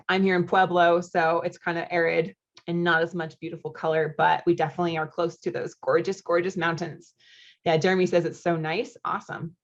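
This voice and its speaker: A woman's voice: on the low side, highs cut off. A woman in her thirties from the United States, a marriage coach hosting a live online masterclass in a chatty, upbeat way, reading out chat comments with friendly asides.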